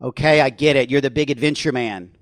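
A man's voice: mid-range voice, steady tone, brisk, no echo, natural voice. Man voicing a timid, polite cubicle worker, hesitant, dry close sound. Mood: uneasy. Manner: hesitant, polite, on the back foot. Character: mild, awkward American office-worker man.

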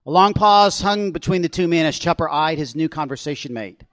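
Male novelist reading his own suspense novel, fairly high voice, steady and expressive, dry sound. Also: a little fast, no echo.

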